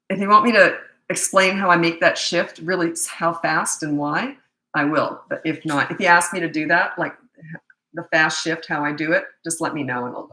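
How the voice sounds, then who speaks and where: A woman's voice: low-pitched, bright, forceful tone. Chatty woman coach in an echoey room. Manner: chatty, frank, quick to laugh, acts out dialogue. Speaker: parenting coach. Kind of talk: live Q&A, casual advice.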